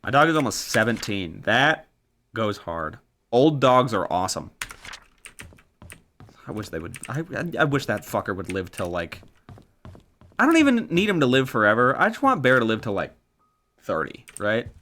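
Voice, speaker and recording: A man's voice: medium pitch, big pitch swings, moderate pace, pauses often, fairly bright tone. A man in his twenties chatting casually while streaming a game, rambling and swearing offhandedly. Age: 20s. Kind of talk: casual live-stream gaming chat.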